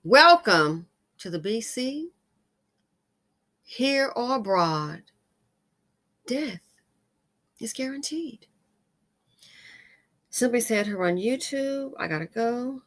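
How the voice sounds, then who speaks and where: An emphatic woman hosts her own opinion commentary. Her voice is bright and forceful. She sounds upset and emotional, and at times she drops into a weary, quiet tone. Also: a little high, animated, slow, pauses often. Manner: emphatic, heated, sometimes drops to a weary hush. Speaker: commentary channel host.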